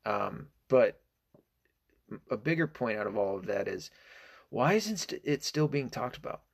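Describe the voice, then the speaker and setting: A man's voice: medium pitch, animated, measured pace, creaky. A man giving a casual, indignant opinion monologue, rambling and hesitant with many fillers, restarts and swearing. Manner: profane and indignant. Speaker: political commentator.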